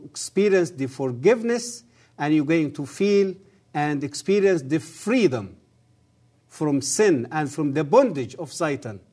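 A man, a guest on the program, giving an earnest testimony and appeal in halting English with non-native grammar, measured and solemn. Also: a little high.

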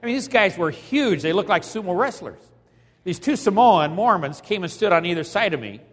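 A man's voice: high voice, animated, fairly quick, big-room sound. A man preaching a sermon, telling a story dramatically and acting out the quotes with emphasis. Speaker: evangelist preacher.

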